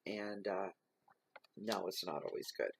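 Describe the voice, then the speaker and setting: A man giving a slow, reflective spoken tarot reading, reading card keywords aloud. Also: sits low, sing-song, vocal fry, slight background noise. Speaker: tarot reader.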